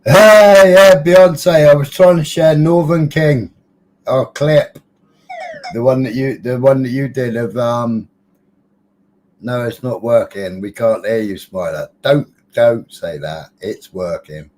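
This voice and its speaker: A man hosts a casual live stream into a computer mic, sounding chatty and teasing and dropping the odd mild swear word. His voice sits at an ordinary middle pitch. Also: slow pace, mellow. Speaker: livestream host. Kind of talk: casual livestream chat greeting viewers.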